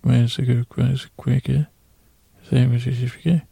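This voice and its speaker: A man's voice: medium pitch, level tone, a little slow, vocal fry, warm tone, breathy edge, dry recording, exaggerated voice. A man putting on a mumbling sleepy bear. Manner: slurred, mumbled words.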